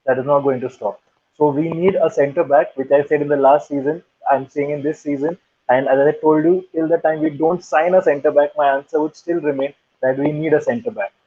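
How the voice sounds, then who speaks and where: A man's voice: fairly high pitch, steady tone, fairly quick, mellow, slightly rough. A man giving firm opinions in a casual football chat as co-host. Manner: opinionated, emphatic. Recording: tinny phone-like call line.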